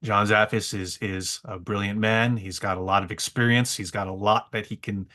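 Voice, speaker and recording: A man on a podcast, telling a story with excitable energy and frequent stammering repeats. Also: lowish voice, normal speed. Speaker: guest. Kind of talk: animated storytelling.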